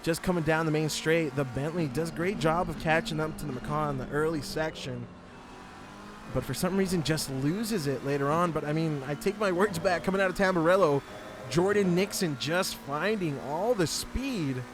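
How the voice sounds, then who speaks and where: A man giving live sim racing commentary, excitable and joking, laughing often. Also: a little high, normal speed, noisy background.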